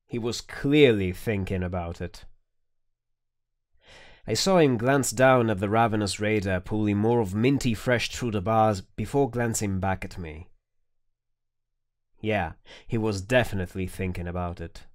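A man's voice: on the low side, unhurried, no room sound, studio quality. A man narrating an audiobook, reading tense, dramatic scenes.

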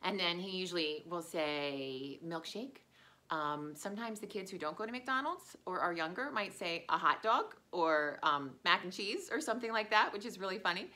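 A woman's voice: fairly low pitch, lively intonation, normal speed, sharp tone. A woman teaching young children in a playful, sing-song way, chanting songs and acting out sounds. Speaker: home daycare teacher. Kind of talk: children's lesson with sung chants.

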